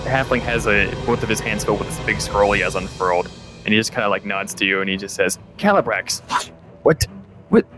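Guy running a dnd game, lowish voice, rambly narration, bit of music under it. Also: level tone, fast talker. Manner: loose conversational narration with filler words. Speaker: game master.

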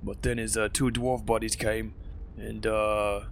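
A man's voice: fairly low pitch, flat delivery, unhurried, gravelly, slight background noise. A man voicing a crude, mocking male orc thug in a tabletop game. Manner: taunting, jeering.

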